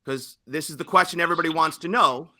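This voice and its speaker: A man hosting a podcast, recapping events and asking measured, probing questions. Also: a little high, pushed and bright. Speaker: podcast host. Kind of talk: interview questions.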